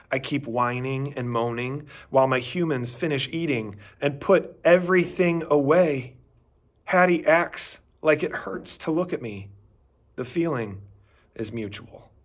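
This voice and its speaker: A man reading a children's chapter book aloud with animated, expressive storytelling. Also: fairly high pitch, a little slow. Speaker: reader.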